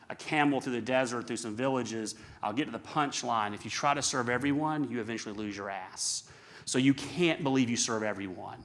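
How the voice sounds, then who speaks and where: A middle-aged man from Georgia in the US gives a seminar talk at a quick clip, his voice sitting in an ordinary middle pitch. He talks with energy and leans hard on rhetorical questions. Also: fairly bright tone. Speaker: seminar speaker.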